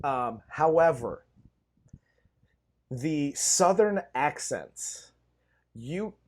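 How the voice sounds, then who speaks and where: A man's voice: on the high side, animated, drawn-out words, a little mellow. A man co-hosting a casual movie review chat, enthusiastic, laughing often and swearing freely. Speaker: podcast co-host.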